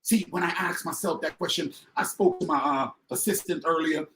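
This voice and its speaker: A man giving a fired-up motivational business talk to an online audience, emphatic and repetitive, swinging from loud to quiet. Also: sits high, very animated, normal speed. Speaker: motivational speaker and business coach.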